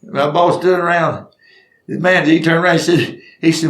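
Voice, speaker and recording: A slightly high-pitched older man recounts funny things that happened to him, steady in tone and moderate in pace, with a fairly bright sound in an echoey room. He tells them folksily, performs the voices, and laughs at his own jokes.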